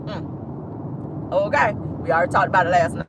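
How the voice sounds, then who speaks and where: A woman's voice: on the low side, fairly even intonation, moderate pace, background noise. A woman vlogger giving casual, sassy celebrity gossip commentary from inside a car, dropping 'honey' and 'baby' into her talk. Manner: sassy, drawling, full of 'honey' and 'baby' asides.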